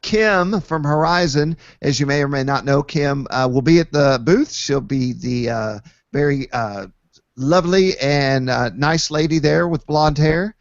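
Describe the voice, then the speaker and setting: Male host, easygoing rambling banter, raised pitch; dry, muffled lo-fi sound. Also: measured pace, no echo. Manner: joking, rambling, many fillers. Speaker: podcast host. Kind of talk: casual chat. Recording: dull lo-fi dry recording.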